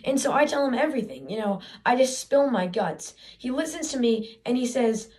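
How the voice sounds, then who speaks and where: A woman's voice: fairly high pitch, big pitch swings, normal speed, darkish tone. A teenage woman playing an eager, aggrieved boy who brags that the sun is his father, in a chatty stage monologue with sarcastic asides. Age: teens. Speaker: student theater performer.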